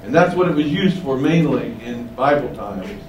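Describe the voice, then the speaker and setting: A man preaching a sermon, teaching slowly and emphatically, stressing key words with rising pitch. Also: expressive, a little mellow, roomy sound, distant mic, slight background noise, poor audio.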